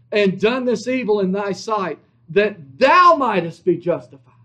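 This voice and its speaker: A man preaching an earnest sermon, reading scripture verse by verse and swinging from loud emphatic declarations to hushed, low phrases. It is a dull lo-fi sermon recording.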